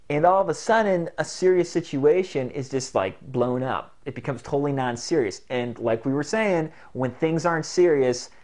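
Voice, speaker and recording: A man giving an instructional talk in a jokey, animated way, now and then slipping into demo voices. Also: mid-range voice. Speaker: self-help instructor.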